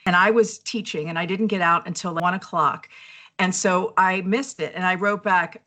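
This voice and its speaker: A woman's voice: mid-range voice, normal speed, pushed and bright. A woman co-hosting a leadership podcast as a coach, talking casually and reflectively, telling personal anecdotes and acting out quoted messages.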